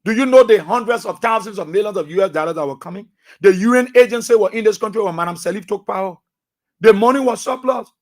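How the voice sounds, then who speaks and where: A middle-aged man with a Liberian English accent, hosting a radio talk show with emphatic, repetitive commentary. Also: sits high. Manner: emphatic, repetitive, swings between soft asides and loud outbursts.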